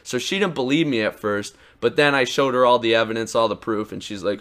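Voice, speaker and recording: A teenage boy telling an excited, rambling story about his experience, full of restarts and quoted dialogue. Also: medium pitch, a little fast. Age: teens. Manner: excited, rambling retelling with many likes and restarts. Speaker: YouTuber. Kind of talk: casual storytelling vlog.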